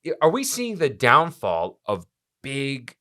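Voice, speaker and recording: A man's voice: medium pitch, wildly swooping pitch, takes it slowly, bright, forceful tone. A man in his thirties, a chef hosting a podcast, chatting casually with a teasing, upbeat manner. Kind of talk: casual chat.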